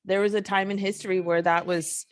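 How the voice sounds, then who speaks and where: A woman's voice: mid-range voice, little pitch movement, a little fast. A woman hosting a solo podcast, ranting in a frustrated, emphatic, profane way. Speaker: podcast host. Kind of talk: casual solo podcast rant.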